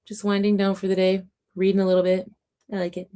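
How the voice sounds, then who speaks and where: A woman hosting a casual reading livestream at home, chatty and quick to laugh, her voice a little sore and scratchy. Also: medium pitch, completely flat delivery, warm tone, clear, resonant tone. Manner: chatty, reads out chat comments, laughs often. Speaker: reading sprint livestream host.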